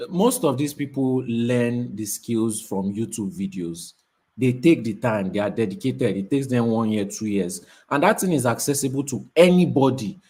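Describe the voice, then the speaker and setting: A man's voice: medium pitch, animated, moderate pace, mellow, slightly rough. A man with a Nigerian accent, co-hosting a casual commentary chat in a blunt, scornful, emphatic way. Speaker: co-host.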